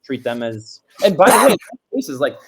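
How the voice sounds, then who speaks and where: A young man who writes comics talks earnestly in a podcast interview, leaning hard on "like". His voice is mid-pitched, with a faint noise floor under it. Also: very animated, fairly quick. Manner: earnest, heavy use of "like". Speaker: comic book writer, guest. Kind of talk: casual interview chat.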